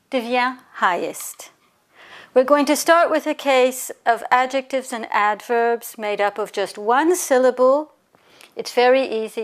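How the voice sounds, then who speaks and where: A woman teaching an English grammar lesson, explaining each point in French and then repeating it in English, slowing down on the example words. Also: on the high side. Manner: slows down to spell out example words. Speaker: language teacher.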